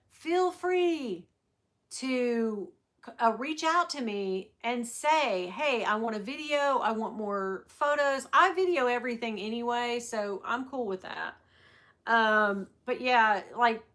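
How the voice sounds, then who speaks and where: Female livestream host, slightly high voice; casual, venting, talks straight to viewers. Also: fairly bright tone. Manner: chatty, venting, swears freely, reads viewer comments aloud.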